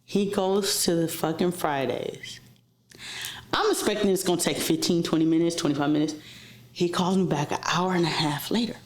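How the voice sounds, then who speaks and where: A woman guest on a podcast interview, telling stories in a casual, profane and animated way and acting out the voices of the people in them. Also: lowish voice, moderate pace, echoey room.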